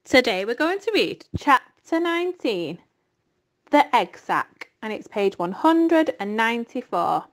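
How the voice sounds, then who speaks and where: A woman teacher reading a children's chapter book aloud to her class. She reads slowly and clearly, giving each sentence room, with a voice a little higher than most. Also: big pitch swings. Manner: slow and clear.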